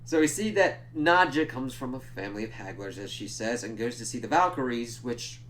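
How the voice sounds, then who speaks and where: A young man runs through a TV episode in a loose, rambling recap, peppering it with profanity and constant "like"s. His voice sits at an ordinary male pitch. A faint hum sits underneath. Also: expressive, normal speed, a bit bright. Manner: rambling, profane retelling full of "like". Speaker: TV episode reviewer. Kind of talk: casual spoiler review recap.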